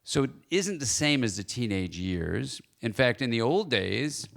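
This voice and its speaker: A man speaking as a guest lecturer at a church forum, lively and playful, often asking the audience questions. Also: mid-range voice, a little slow, creaky.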